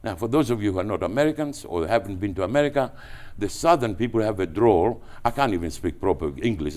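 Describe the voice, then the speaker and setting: Deep-voiced man with a Greek accent. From Greece. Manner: animated, with frequent restarts and repetitions. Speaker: entrepreneur guest. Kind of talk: anecdotal storytelling.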